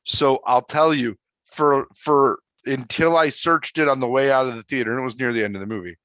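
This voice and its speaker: A man's voice: mid-range voice, brisk, a bit bright, no room sound. A man in a casual podcast film review who keeps acting out his own thoughts as quotes. His recording is dry and somewhat muffled, as if on a modest mic. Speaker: podcast co-host. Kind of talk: casual movie review chat.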